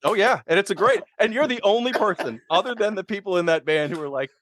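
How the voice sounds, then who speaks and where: A man's voice: sits high, fast talker, no room sound, studio quality. A man, telling stories as a guest on a casual podcast chat and acting out quotes as he goes. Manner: animated storyteller, acts out quotes. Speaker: guest musician.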